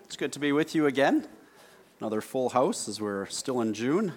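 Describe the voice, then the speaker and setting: A man preaching a sermon in a church, with emphatic, unhurried delivery and deliberate pauses. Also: mid-range voice, very animated. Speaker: pastor. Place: church sanctuary.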